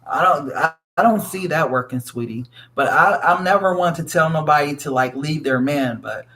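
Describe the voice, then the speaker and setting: Blunt, fairly high-voiced man reading tarot. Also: normal speed, bright, forceful tone. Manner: blunt, frank and profane, calls the listener sweetie. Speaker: tarot reader. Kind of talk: casual tarot reading to viewers.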